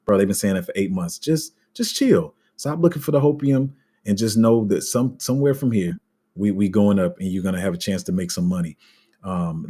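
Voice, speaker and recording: Low, husky man ranting casually. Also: mellow. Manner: frank and exasperated, heavy slang, many restarts. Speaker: crypto YouTuber reading live comments. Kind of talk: casual livestream rant.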